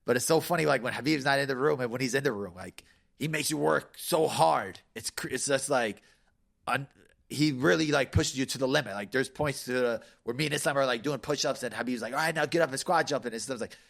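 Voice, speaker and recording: A man's voice: mid-range voice, brisk, gravelly, fairly bright tone. A man, a fighter, telling casual stories as a guest, loose and full of fillers, laughing as he goes. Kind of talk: casual storytelling.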